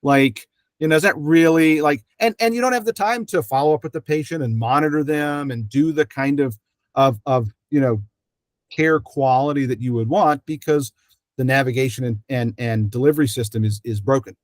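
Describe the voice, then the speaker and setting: A man's voice: mid-range voice, moderate pace, no room sound. A man hosting an interview who talks in a loose, rambling way, full of fillers and restarts, and acts out the people he quotes. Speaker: interview host. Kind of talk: conversational interview.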